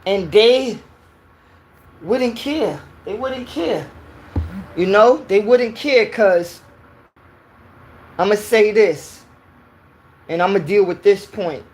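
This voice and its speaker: A woman's voice: medium pitch, expressive, slow, pauses often, darkish tone. A woman from New York with a New York accent, giving a heated, preachy opinion rant and repeating her points.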